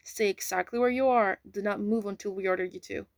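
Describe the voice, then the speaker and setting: A cold, commanding man barks flat, clipped orders through a telescreen in a spoken audiobook , as a woman reads him. The voice sits in the middle of her range and sounds dry and close. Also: mid-range voice, a little fast, no room sound, close to an everyday voice.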